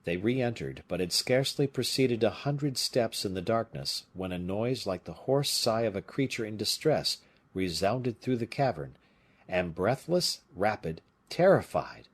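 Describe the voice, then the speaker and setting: A man narrating an adventure novel as an audiobook in an expressive storytelling manner. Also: on the low side, a little slow, breathy edge.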